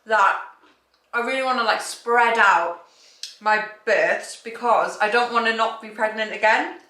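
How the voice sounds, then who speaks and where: A woman's voice: on the high side, measured pace, pushed and bright. A pregnant woman in her twenties chatting on a sofa while eating, bubbly and chatty. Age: 20s. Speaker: vlogger. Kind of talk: casual chat. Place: living room sofa. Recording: roomy echo, faint noise.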